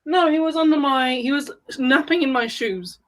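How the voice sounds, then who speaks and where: A young woman with a notably high voice chats on a livestream. She speaks hesitantly, with fillers and soft giggles. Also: moderate pace. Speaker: book club guest. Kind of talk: casual chat.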